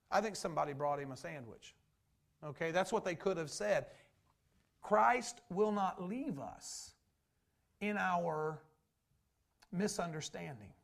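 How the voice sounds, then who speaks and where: A man's voice: high-pitched, expressive, measured pace, gravelly. A man preaching a sermon from the pulpit, talking conversationally and acting out quoted lines. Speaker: pastor.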